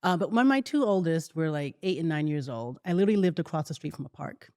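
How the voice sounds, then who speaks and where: A woman's voice: sits low, fast talker, dry recording, studio quality. A woman in her forties, a podcast guest, talking casually and acting out quotes as she tells stories. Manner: animated storyteller, acts out quotes. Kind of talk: casual conversation.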